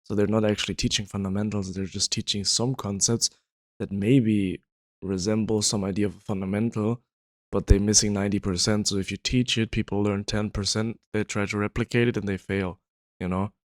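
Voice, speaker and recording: A man with a fairly low voice talks casually to the camera, rambling and leaning on fillers. His voice sounds worn and tired, and the recording is close and dry with no room echo. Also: little pitch movement, fairly quick. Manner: rambling, frequent "you know" fillers. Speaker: video host. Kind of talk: casual explanatory talk.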